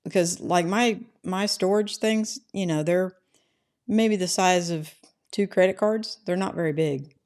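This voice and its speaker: A middle-aged woman speaks in a somewhat low, slightly mellow voice at an unhurried pace. She's hosting a relaxed livestream from home, reading the chat and answering viewers in a loose, rambling way, often tacking on "right?"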